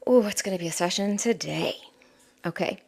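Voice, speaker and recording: A woman giving a live-streamed spiritual oracle reading, talking softly and chattily with many fillers and asides. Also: fairly low pitch, brisk, creaky.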